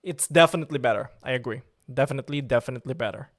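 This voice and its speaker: This livestream host is a man with a medium-pitched voice who talks very fast and casually. He's irritable at first, then pushes himself into a calm, jokey tone while replying to viewer chat.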